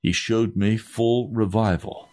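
A man's voice: fairly low pitch, fairly even intonation, slow, a little mellow. A man preaching a sermon, earnest and emphatic, building his points through repeated phrases.

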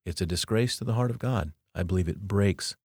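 A man hosting a podcast, giving a reflective devotional monologue with slow, deliberate, emphatic phrasing. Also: sits low, slightly rough, no echo, studio quality. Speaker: podcast host.

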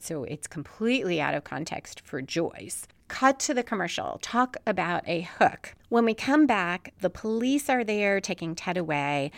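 A woman's voice: lowish voice, no echo. A woman hosting a casual recap of a TV episode, retelling scenes in a conversational way. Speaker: podcast host recapping a TV episode.

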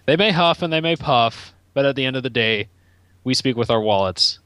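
A man's voice: medium pitch, animated, normal speed, a bit bright, smooth, no echo. A man co-hosts a gaming podcast and makes wry jokes. His voice is dry and close, with no room sound. He talks in an easy, conversational way. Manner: wry, jokey. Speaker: podcast co-host. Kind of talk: casual podcast chat.

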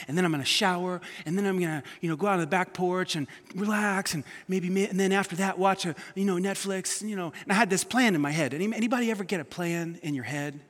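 A man preaching a sermon, telling personal stories with lively swings between quiet asides and loud emphatic bursts. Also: high voice. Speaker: pastor. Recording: long hall reverb.

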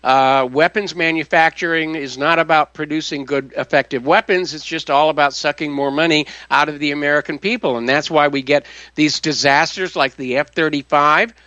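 A man hosting a call-in radio talk show, speaking haltingly with many fillers and firm opinions. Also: a little high, steady tone, bright, forceful tone, clean tone, no echo, muffled recording.

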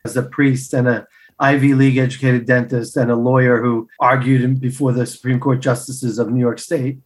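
A middle-aged man, a podcast guest, telling personal stories in an animated way and acting out the dialogue. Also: mid-range voice, moderate pace. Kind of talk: storytelling interview answers.

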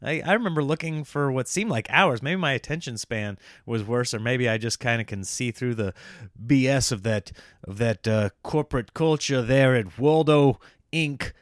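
A man's voice: mid-range voice, normal speed, fairly bright tone, no echo, clean studio sound. A man in his thirties hosting a comedy podcast, rambling in a casual, self-mocking, jokey monologue.

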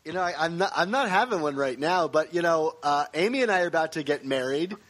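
Brief: male podcast host, voice a bit higher than usual, ribbing and jokey. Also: expressive, quick pace, a bit bright. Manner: joking, mock-provocative banter. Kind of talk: casual podcast chat.

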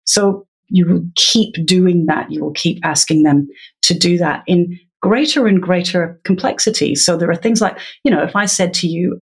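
A woman's voice: lowish voice, slightly rough. Woman patiently explaining, teacher-like. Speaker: literacy educator guest. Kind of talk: explanatory interview talk.

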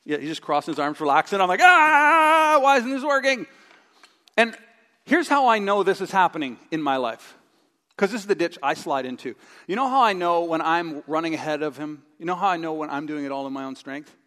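A middle-aged male pastor preaching a sermon with a live stage demonstration, animated and acting out his own inner voice with groans. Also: fairly high pitch, fairly quick. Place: church sanctuary. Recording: long reverb of a large hall.

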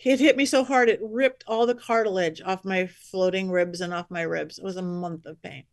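A woman, a psychic medium guest on a podcast, telling stories in a lively, chatty way and acting out the voices of the people in them. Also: fairly low pitch, normal speed, dry recording, studio quality. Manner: lively, acts out quoted voices, chatty asides. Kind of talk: animated storytelling on a podcast.

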